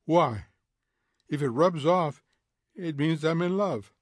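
A man's voice: a little high, slow pace, no room sound, pitched above the performer's own voice. A man voicing a dreamy, odd teenage girl. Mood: wondering. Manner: soft, wondering, stumbles over words.

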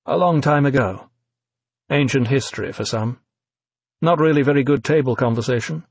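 A man reading aloud, voicing a reserved, dryly witty masked man in a calm, understated way. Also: mid-range voice, moderate pace, breathy edge, no room sound, close to an everyday voice.

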